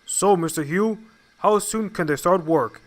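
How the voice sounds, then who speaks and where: A man's voice: high voice, measured pace, voice pushed up. A man voicing a formal, authoritative male railway boss.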